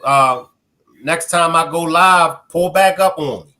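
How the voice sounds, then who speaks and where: A man hosts a live stream, welcoming callers and nudging them along with quick, casual prompts. His voice is fairly high for a man and has a bright, tense edge. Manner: brief encouraging prompts.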